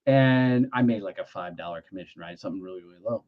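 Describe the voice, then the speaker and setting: A man's voice: sits low, fast talker. A middle-aged man from Texas, a former Marine guest telling stories with salty language and acted-out dialogue. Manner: animated storyteller who acts out dialogue, salty language. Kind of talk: casual storytelling interview. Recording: dull lo-fi sound.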